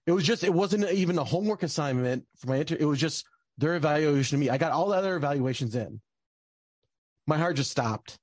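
A man's voice: fairly high pitch, expressive, fast talker, no room sound. A young man telling a personal story in casual talk, rambling with lots of fillers and restarts.

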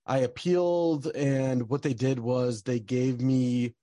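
A man's voice: mid-range voice, fairly even intonation, takes it slowly, mellow, no echo. A young man telling a personal story in casual talk, rambling with lots of fillers and restarts.

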